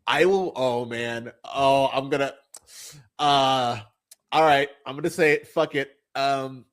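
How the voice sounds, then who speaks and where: Profane rambling podcast host, a man. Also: mid-range voice. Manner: blunt, profane, rambling with many fillers. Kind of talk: casual podcast chat.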